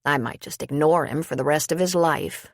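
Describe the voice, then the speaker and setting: A woman narrator voicing an older wife, married for decades, calm and soothing with a dry, weary humor, in an audiobook. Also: low voice, normal speed, no echo, lightly acted. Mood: wry.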